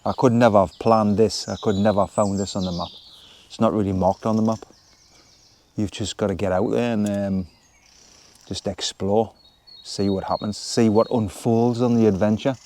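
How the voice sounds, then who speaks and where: A man, chatting casually in a relaxed, rambling way as he vlogs from a woodland wild camp. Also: fairly low pitch, normal speed. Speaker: vlogger. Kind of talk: casual outdoor vlog talk. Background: birds and woodland ambience.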